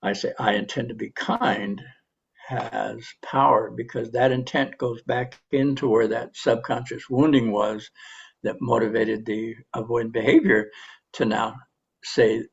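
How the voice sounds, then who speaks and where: A man with a gravelly, husky voice leading a recovery meeting, talking in an earnest, halting way on a podcast. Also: mid-range voice, fairly even intonation, lo-fi sound. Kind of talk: reflective podcast talk.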